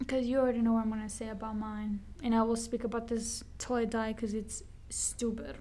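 Podcast co-host, young woman, animated storyteller, fairly high voice. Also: fairly quick. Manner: animated storyteller, says "like" often. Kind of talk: casual chat.

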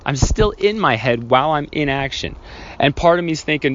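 A man's voice: animated, fast talker, fairly bright tone. A man talks through a personal story on his own podcast, wandering and correcting himself as he goes. The sound is slightly muffled, with faint traffic noise behind him. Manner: rambling, self-correcting, acts out childhood scenes with raised pitch. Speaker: podcast host. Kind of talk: reflective solo podcast storytelling.

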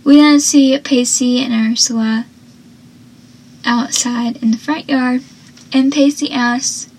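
A woman's voice: sits high, fairly even intonation, takes it slowly, a little mellow, slightly rough, poor audio. A woman chatting casually through a TV episode recap, full of "like"s and acting out the characters' lines. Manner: chatty, many "like"s, acts out quotes.

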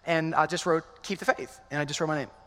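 A male pastor giving a lively, conversational sermon, calling out to the congregation in a large church sanctuary. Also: fairly high pitch, fast. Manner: energetic, conversational, calls out to the congregation. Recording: long hall reverb in a church.

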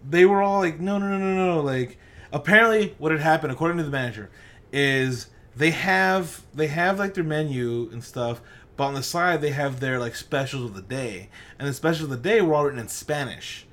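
A man's voice: on the high side, animated, moderate pace, a bit bright. A man in casual chat, telling a story with lots of swearing and mimicked voices.

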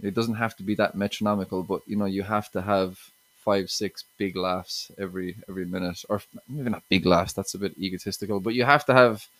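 A man's voice: deep voice, fairly even intonation, fairly quick, hardly any pauses, fairly bright tone, no echo. An Irish man from Limerick, a stand-up comedian as a podcast guest, talking casually with lots of restarts and 'you know what I mean'. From Limerick, Ireland.

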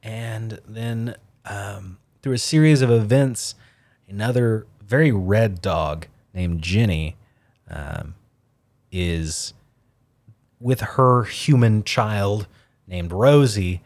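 A man's voice: fairly low pitch, slow, darkish tone, no room sound. A man co-hosting a casual podcast, rambling through a recap and laughing at his own slips. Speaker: podcast co-host. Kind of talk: casual chat.

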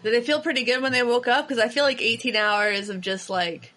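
A woman podcast co-host in casual chat, telling stories in a lively, animated way with quick asides. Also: on the high side.

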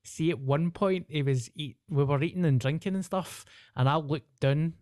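A man's voice: on the high side, moderate pace, a little mellow, dry recording, clean studio sound. A man with a Glaswegian accent, a stand-up comedian telling a story in casual podcast chat, rambling, slangy and sweary. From Glasgow, Scotland.

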